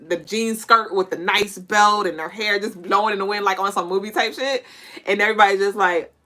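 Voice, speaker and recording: Blunt, profane woman giving a spiritual reading. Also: mid-range voice. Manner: blunt, profane, animated, with frequent laughs; addresses listeners directly as y'all and collective. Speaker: spiritual reader and podcast host. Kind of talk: casual collective intuitive reading.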